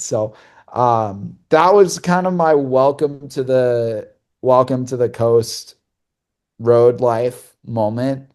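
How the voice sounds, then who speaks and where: A young man co-hosts a podcast, his mid-range voice slow and a little mellow as he rambles through a casual story, acting out the dialogue amid many fillers and restarts. He is a podcast co-host who also works as a hockey broadcaster.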